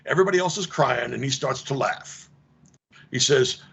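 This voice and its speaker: A gravelly, husky man leads a casual online seminar, his pitch swinging widely as he acts out little dialogues in mock exasperation. The sound is dull and lo-fi, like a video call. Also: normal speed, fairly bright tone. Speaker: lecturer.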